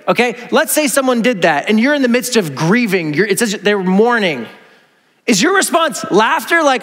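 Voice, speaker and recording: A man preaching a sermon as pastor, animated and conversational, acting out quoted voices with asides to the congregation. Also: high voice, fairly quick. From North America. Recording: long hall reverb.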